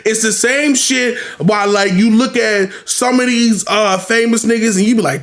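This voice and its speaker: A man's voice: high voice, fairly even intonation, moderate pace, fairly bright tone, reverberant. A man hosting a podcast, ranting in casual commentary with lots of profanity and exasperated rhetorical questions. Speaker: podcast host.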